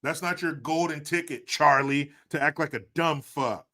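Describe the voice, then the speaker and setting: A man hosting an opinionated commentary video, profane and mocking, swinging between loud outbursts and low muttered asides. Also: normal speed.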